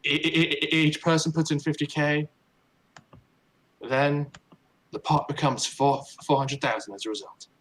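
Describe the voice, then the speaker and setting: A man's voice: a little high, steady tone, unhurried, long pauses, a bit bright, slight background noise, poor audio. A man narrating as game master of a tabletop game, stammering and restarting often. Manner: stammering, many repeated starts.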